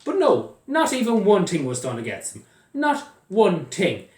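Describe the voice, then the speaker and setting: A man's voice: sits high, huge pitch swings, unhurried, a little mellow. Furious Irish man ranting in an echoey room. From Ireland. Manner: heated, swearing, repeating himself. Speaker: vlogger. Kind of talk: angry political rant. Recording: echoey room, mic at a distance.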